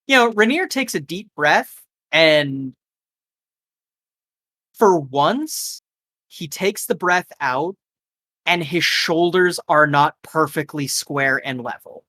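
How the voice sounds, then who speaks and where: Game master, loose improvised narration, filler-heavy, middle pitch, dry close sound. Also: bright, forceful tone, no echo. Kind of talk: live tabletop game narration.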